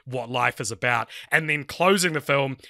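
A man's voice: medium pitch, moderate pace, creaky, sharp tone, no echo, clean studio sound. A man co-hosting a film podcast in casual, rambling talk full of fillers. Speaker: podcast co-host.

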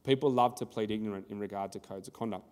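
A man's voice: lowish voice, fast, a little mellow, big-room sound. An Australian man presenting a conference workshop in a conversational style, telling anecdotes and acting out the dialogue.

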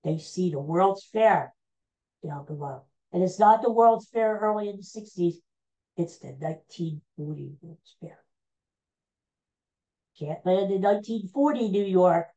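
A woman hosting a podcast, recapping old TV episodes in a casual, meandering, animated storytelling way. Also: on the low side, unhurried, highs cut off. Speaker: podcast host.

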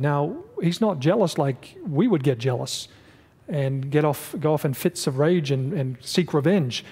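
Brief: male pastor, higher-pitched voice, emphatic class teaching, long church reverb. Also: mellow. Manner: emphatic, asks the class questions. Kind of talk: Bible study lesson.

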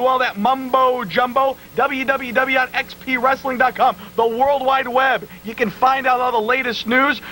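A man's voice: bright, forceful tone, low-quality recording. A man hosting a wrestling show, doing brash, sarcastic mock commercials. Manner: brash, sarcastic pitchman delivery. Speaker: show host. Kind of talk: mock commercial reads and comedy bits.

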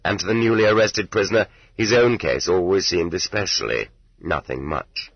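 A man reading an audiobook in a measured, even way. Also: sits low, breathy edge, no echo. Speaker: audiobook narrator. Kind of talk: scripted audiobook narration. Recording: dull lo-fi tape, dry.

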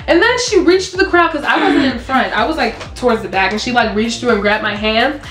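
A young woman vlogger chatting casually, telling an animated story and acting out quotes in a higher voice. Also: a little fast, few pauses. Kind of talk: casual chat. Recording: echoey room with faint music.

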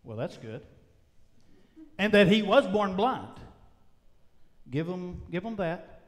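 A male pastor preaching a sermon, with emphatic drawn-out phrases that swing between loud and soft. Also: high voice, very animated. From United States. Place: church sanctuary. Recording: long reverb of a church sanctuary.

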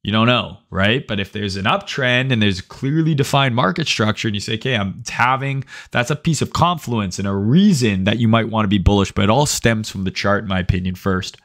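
A man's voice: on the low side, fairly quick, few pauses. A man hosting a trading livestream, talking casually with swearing and a habit of tagging "right?" on his points while reading chat aloud. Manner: conversational, profane, reads chat aloud, frequent "right?". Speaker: livestream host, trading educator.

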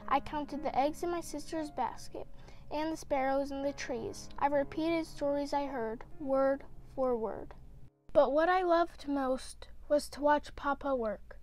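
Slow, high-voiced woman reading a storybook. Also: no room sound. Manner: gentle, expressive storytelling. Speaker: children's book reader. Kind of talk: read-aloud storybook narration.

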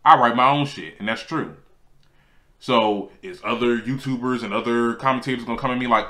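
A man hosting his own celebrity gossip show, chatting casually and sassily, jumping up in pitch to make a point. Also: a little fast. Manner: animated and sassy, swings high for emphasis. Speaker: host.

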